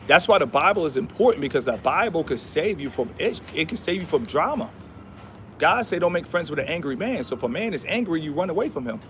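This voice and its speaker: A man's voice: fairly high pitch, fairly bright tone, a little hiss or hum. A man hosting a casual livestream, talking in a preachy, repetitive way with slangy speech and Bible verses. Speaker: livestream host.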